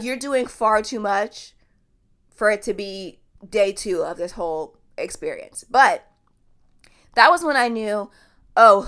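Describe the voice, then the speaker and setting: A woman hosts a podcast in a casual, chatty commentary style. Her voice sits in a middle pitch, and she talks bluntly and emphatically, swearing freely as she makes her points. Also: fairly bright tone, clear, resonant tone. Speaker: podcast host.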